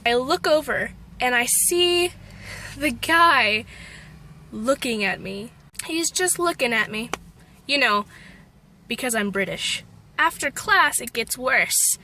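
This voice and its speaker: Young Texan woman vlogger, American accent, self-mocking storyteller, sharp voice. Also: sits high, slow pace, pauses often, a little hiss or hum. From Texas. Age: young adult. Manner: self-deprecating, animated storytelling. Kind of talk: storytelling vlog.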